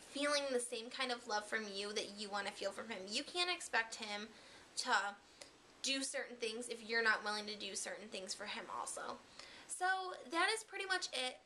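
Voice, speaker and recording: A woman's voice: on the high side, pushed and bright, a little hiss or hum. A young woman vlogger talking candidly to the camera, giving relationship advice in a chatty, casual way with some mild swearing.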